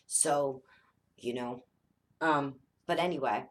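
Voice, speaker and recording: A woman in her thirties, a mother telling a spooky family story in a casual, animated way, swearing often and acting out the dialogue. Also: extremely low pitch, slow. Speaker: psychic vlogger, mother.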